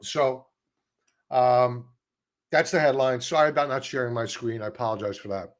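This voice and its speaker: A man's voice: mid-range voice, normal speed. A man hosting a live stock-chart stream, talking in a chatty, sarcastic way with many asides. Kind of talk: casual live-stream commentary.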